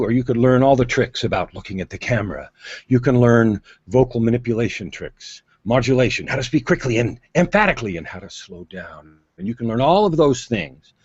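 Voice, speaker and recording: A man with a medium-pitched, slightly breathy voice is interviewed over a video call about his work as an on-camera presence coach. He tells stories dramatically, with emphatic changes of pace. The video call mic gives muffled, lo-fi audio with no room sound.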